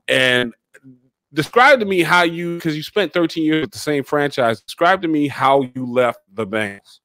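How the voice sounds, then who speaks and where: A man's voice: a little high, expressive, normal speed, bright, forceful tone, no echo. A man hosting a casual interview, recalling his own playing days and asking questions. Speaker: podcast host.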